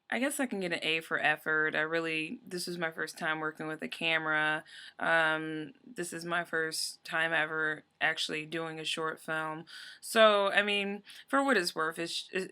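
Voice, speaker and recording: A woman's voice: low-pitched, bright, forceful tone, clean tone. A young adult woman ranting in a casual vlog, telling a story in a rambling, exasperated way with lots of fillers. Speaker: vlogger.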